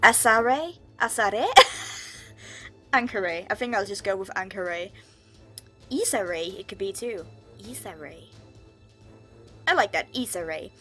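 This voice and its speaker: A woman plays through a visual novel, reading lines aloud and breaking off into giggly, chatty asides. Her voice sits at a middling pitch, and faint game music plays quietly behind her. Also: lively intonation, takes it slowly, pauses often. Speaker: let's-play gamer.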